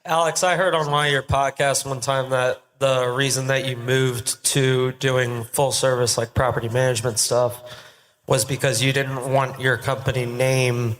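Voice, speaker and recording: A man's voice: medium pitch, flat delivery, moderate pace, a bit bright. A man in the audience asking a long, rambling question at a live podcast event. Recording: long hall reverb.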